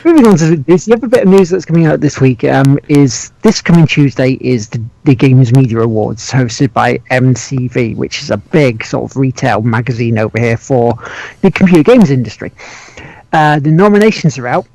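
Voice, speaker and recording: A man's voice: medium pitch, normal speed, vocal fry, dark tone, dry recording, lo-fi sound. A man from the United Kingdom co-hosting a gaming podcast in casual chat, often laughing as he talks. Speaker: podcast co-host.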